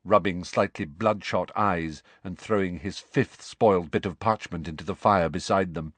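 A man's voice: low voice, normal speed, few pauses, fairly bright tone, no echo. A man narrating a children's fantasy novel aloud, expressively, shifting his voice for each character. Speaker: audiobook narrator. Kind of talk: scripted storybook narration.

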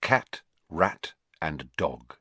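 Guy reading a fantasy audiobook, dramatic and tense, lots of pitch movement, dead dry sound. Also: sing-song, very slow, bright, forceful tone, slightly rough, no room sound. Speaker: audiobook narrator. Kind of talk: scripted fantasy narration.

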